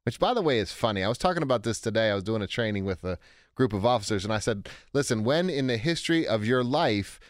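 A man's voice: quick pace, dry recording, studio quality. A man, an author on anger, answering a listener's question in a conversational teaching monologue. He acts out quoted voices and often restarts his sentences. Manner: animated, acts out quotes with big pitch jumps, frequent restarts. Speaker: author and speaker on handling anger.

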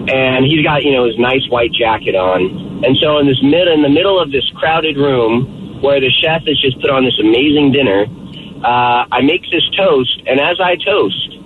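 A man calling in to a radio show and telling a story, rambling with lots of fillers. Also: mid-range voice. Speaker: caller. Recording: phone line with faint noise.

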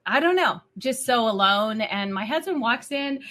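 Bright, chatty middle-aged woman co-host, emotional faith talk. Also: fairly high pitch, expressive, moderate pace.

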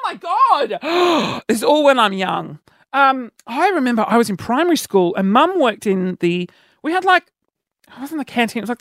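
A man hosting a podcast, telling self-mocking stories in an animated way. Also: dry recording. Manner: animated, self-mocking, jumps into shrill yelps when acting out panic. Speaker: podcast host. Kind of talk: casual storytelling monologue.

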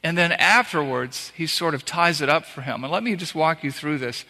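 A man's voice: fairly high pitch, normal speed, pushed and bright. A man preaching a sermon in a conversational way, walking through scripture verse by verse with punchy repetitions. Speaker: pastor. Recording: long reverb of a large hall.

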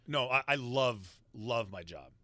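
A man hosting a radio talk show, telling a story with a lot of swearing and a lively, up-and-down delivery. His tone is bright, and the studio sound is dry and close to the mic. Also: medium pitch, a little slow, dry recording. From Los Angeles. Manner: animated, profane storytelling. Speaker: sports radio host. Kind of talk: casual chat.

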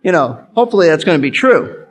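A man's voice: on the high side, very animated, fast talker. A male pastor giving an earnest sermon, teaching in an instructive way and repeating his key points.

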